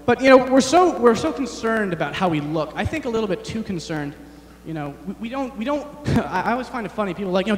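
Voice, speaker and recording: A young man performing a rambling, self-deprecating stand-up set, halting often with fillers. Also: high voice, big pitch swings, roomy sound, big-room sound. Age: young adult. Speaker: stand-up comedian. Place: large chapel hall on stage.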